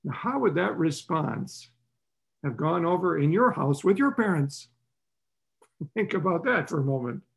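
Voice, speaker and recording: A man's voice: lively intonation, measured pace, gravelly, long pauses. A man preaching a sermon in a conversational way, asking the listeners rhetorical questions. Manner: voices the characters' lines with rising pitch.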